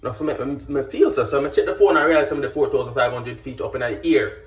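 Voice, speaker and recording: A man, a vlogger and pilot telling a story in an animated, casual way and often checking that the listener understands. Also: mid-range voice, quick pace. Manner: animated, keeps asking "you understand?". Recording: roomy, distant, dull with faint music.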